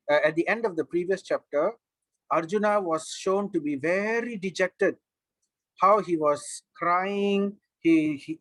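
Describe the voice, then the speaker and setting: A man's voice: high voice, fairly bright tone, no room sound, low-quality recording. A man teaching a scripture class, explaining at length with frequent restarts and fillers.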